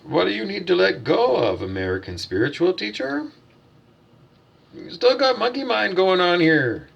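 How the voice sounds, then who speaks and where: A man's voice: sits high, very animated, normal speed, vocal fry, fairly bright tone, husky, highs cut off. A man delivering a blunt, profane, preachy vlog rant as a self-styled spiritual teacher, asking himself questions and answering them. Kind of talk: ranting vlog monologue.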